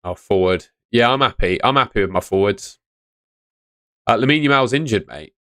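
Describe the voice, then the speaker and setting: A man's voice: lowish voice, moderate pace, a bit bright, no room sound, studio quality. A young man hosting a fantasy football live stream in a chatty way, reading out and answering chat messages. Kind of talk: casual live-stream commentary. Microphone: studio microphone on stand.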